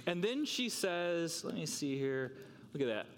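A man's voice: on the high side, very animated, unhurried, in a large hall, a little hiss or hum. A man preaching a sermon, talking with rhetorical questions and repeating words as he works through a passage.

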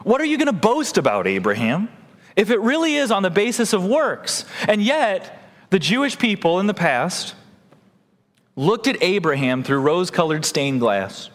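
Animated male preacher in a reverberant church. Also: high-pitched, normal speed. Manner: animated preaching, acting out quoted voices. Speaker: pastor. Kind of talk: sermon.

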